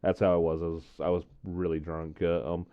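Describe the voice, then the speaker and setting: Casual male vlogger with a lowish, smooth voice and a rambling delivery, recorded lo-fi. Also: level tone, fairly quick. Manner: rambling, many fillers, quoting friends in his own voice. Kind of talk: casual storytelling to camera.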